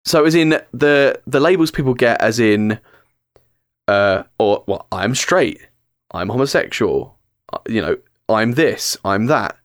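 A young man chats as a podcast guest, rambling and halting as he works out his thoughts. His pitch sits in an everyday middle range. The recording is dry and close, with no room sound. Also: lively intonation, no room sound. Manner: rambling, halting, many restarts. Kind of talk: casual podcast chat.

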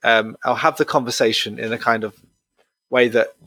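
Man, podcast host, thoughtful, measured, dry close sound. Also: medium pitch, fairly even intonation, sharp tone, no room sound. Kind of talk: conversational podcast discussion.

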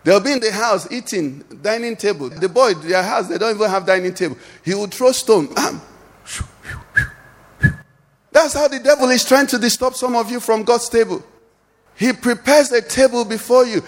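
High-voiced pastor preaching in a reverberant hall. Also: male voice, fairly quick. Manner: preaching with call-and-response questions, rising to shouts. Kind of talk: sermon. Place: church.

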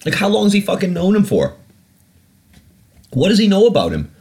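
A man's voice: sits high, wildly swooping pitch, a little fast, a little mellow. A man hosting a podcast, ranting animatedly and swearing freely in casual talk. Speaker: podcast host.

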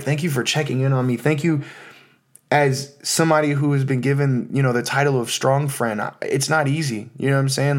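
American man, 30s, solo podcast host, middle-pitched, loose and heartfelt delivery. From United States. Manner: heartfelt, loose and rambling, with many fillers. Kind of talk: casual solo podcast monologue.

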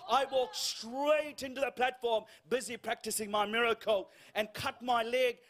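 A man preaching a sermon in a church, telling a funny story and acting out the lines of the people in it, with quoted voices sinking to a hush. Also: very high voice, steady tone, normal speed. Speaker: guest preacher.

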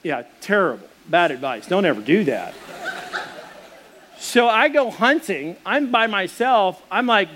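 A man with a fairly high voice preaches, weaving a personal story into his sermon. He tells it in an animated way and pokes fun at himself. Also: a little slow. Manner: animated, self-deprecating storyteller. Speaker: pastor.

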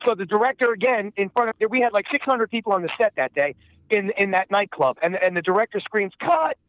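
A man's voice: sits high, quick pace, no room sound, highs cut off. A man, a guest voice actor, telling profane anecdotes in a rambling way, repeating himself and swearing freely.

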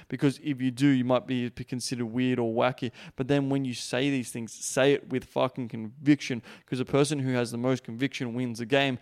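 A young man talks in a blunt, rambling and heavily profane coaching monologue. His voice is gravelly, with a smooth, clear core, and his pitch stays flat and level. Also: a little fast, hardly any pauses. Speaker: podcast host. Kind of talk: casual monologue podcast.

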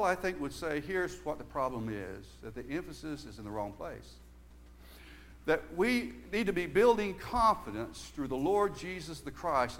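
An older man preaching a sermon, earnest, moving between emphatic stresses and quiet, hushed stretches. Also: fairly high pitch, slight background noise. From Southern United States.

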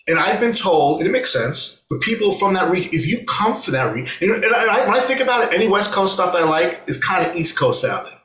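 A man with a fairly high voice speaks as a guest on a podcast, recorded in an echoey room. He is animated and talks in quick bursts, restarting sentences as his thoughts catch up. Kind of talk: casual conversation.

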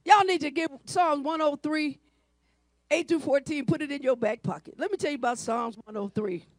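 A woman pastor preaching a sermon, swinging between hushed asides and shouted lines. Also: high-pitched, normal speed, no echo. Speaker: senior pastor.

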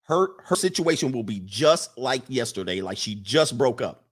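A man hosting a live stream, giving a casual commentary monologue in an animated, preachy way and repeating his lines for emphasis. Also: mid-range voice, moderate pace, breathy edge. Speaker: live-stream host reading viewer comments.

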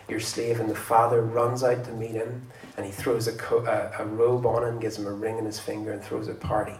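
A man preaching a sermon in a conversational way, getting animated as he retells stories, heard in a church hall. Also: lowish voice, slight background noise. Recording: roomy, distant mic with faint ambience.

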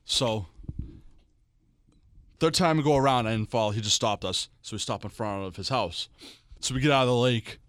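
A young man, co-hosting a casual podcast and telling stories in an animated way, jumping up into high voices for quotes. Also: normal speed, long pauses, no echo, studio quality. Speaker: podcast co-host. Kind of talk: casual chat.

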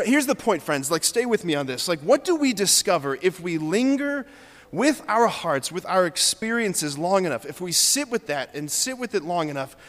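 High-voiced priest preaching in a reverberant church. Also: male voice, fairly bright tone. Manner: conversational, earnest preaching with frequent "like". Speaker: Catholic priest. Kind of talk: homily. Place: large church.

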